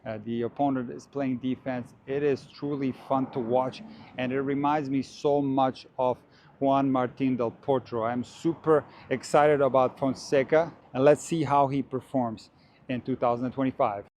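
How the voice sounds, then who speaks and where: A man's voice: mid-range voice, fairly even intonation, moderate pace, a little mellow, a little hiss or hum. A man coaching tennis, explaining stroke technique in an enthusiastic, instructional way.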